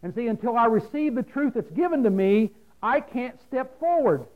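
A man's voice: very high voice, expressive, normal speed. A preacher giving a folksy, conversational sermon, often asking his listeners "See?". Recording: dull lo-fi sound.

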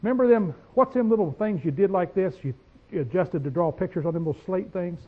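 A man preaching a folksy sermon, reading verses slowly and asking the congregation questions, swinging from quiet asides to loud declarations. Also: sits high, phone-quality sound.

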